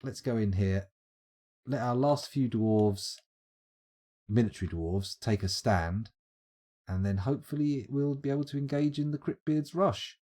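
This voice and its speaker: A man's voice: medium pitch, unhurried, dark tone. A man streaming live, giving chatty, wry gameplay commentary as he thinks aloud. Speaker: streamer playing a game.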